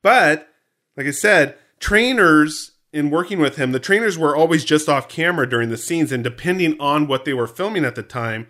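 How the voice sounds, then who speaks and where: A man's voice: mid-range voice, fairly bright tone. A man co-hosting a podcast in casual, jokey chat, often laughing. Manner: chatty, jokey, frequent laughter. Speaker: podcast co-host.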